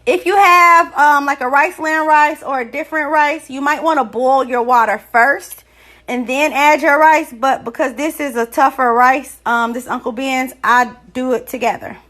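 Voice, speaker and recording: A woman hosting a casual home cooking lesson, chatting through each step in a relaxed way. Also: sits high, normal speed. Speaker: cooking show host. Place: home kitchen.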